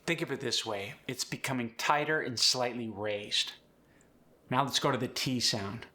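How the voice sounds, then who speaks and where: A man hosting an accent tutorial, explaining sounds clearly and giving example words. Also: medium pitch, moderate pace, bright, forceful tone. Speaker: accent coach. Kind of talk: instructional tutorial.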